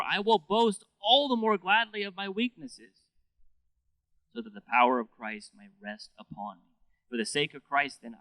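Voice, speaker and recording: A man's voice: medium pitch, fairly bright tone, no room sound, low-quality recording. A male pastor preaching a sermon in a conversational, earnest way, often repeating words as he goes.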